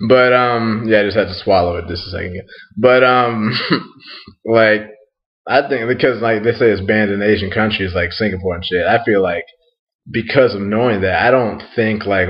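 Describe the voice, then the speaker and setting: A man's voice: fairly low pitch, highs cut off. A young American man rambling in a crude, casual monologue, laughing a lot and filling his talk with "like" and "um", a little tipsy after a night out. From United States. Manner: crude, laughs often, fillers like "like" and "um".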